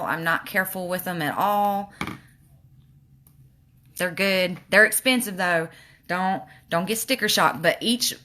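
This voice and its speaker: A woman's voice: lowish voice, bright, forceful tone. A woman with a slight lisp, chatting casually while showing makeup on a livestream. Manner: chatty, reads viewer comments aloud.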